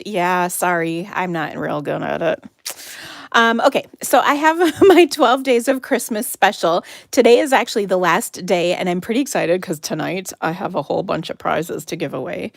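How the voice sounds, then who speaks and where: A middle-aged woman hosts a live craft class from her home craft room, talking into a phone camera. Her voice is gravelly and her speech is rambling and chatty, full of fillers. The sound is dry, with no room echo. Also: fairly low pitch. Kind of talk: casual live-stream chat.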